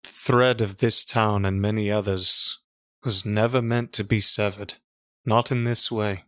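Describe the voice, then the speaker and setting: Player doing a cryptic male stranger, tabletop role-play, very slow, formal, bright tone, dry close sound. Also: mid-range voice, steady tone, no room sound. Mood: solemn. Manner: slow, measured, formal speech. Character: solemn mysterious male stranger, calm, cryptic.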